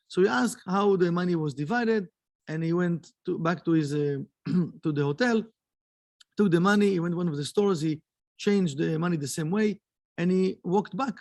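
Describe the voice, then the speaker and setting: A man teaching a spiritual lesson in an earnest, halting way, with many fillers as he tells a story. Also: sits high, vocal fry, a little mellow, dry recording. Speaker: kabbalah teacher. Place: kabbalah center.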